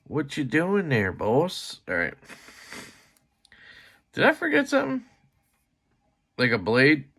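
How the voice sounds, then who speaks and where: Pitched on the high side with wildly swooping intonation, this man's fairly bright voice moves slowly and pauses often. A knife reviewer disassembling a knife in a casual vlog, he rambles to viewers while fiddling, grumbling and swearing mildly as he jokes about himself.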